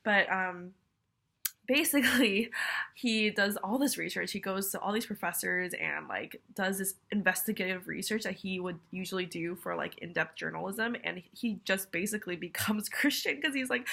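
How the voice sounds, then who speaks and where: A woman's voice: mid-range voice, normal speed, vocal fry, bright, forceful tone. A young woman with a cold, talking in a rambling, self-deprecating way full of fillers and apologies in a casual video message. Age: young adult. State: congested with a cold, sniffly. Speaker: vlogger.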